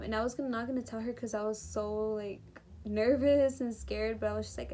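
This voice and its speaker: A seventeen-year-old girl talks through a storytime vlog in a chatty, emphatic way. Her voice sits a little high. A faint hiss runs under her speech. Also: steady tone, a little fast, mellow. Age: teens. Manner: chatty and emphatic, full of fillers. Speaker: vlogger. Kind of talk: casual storytime.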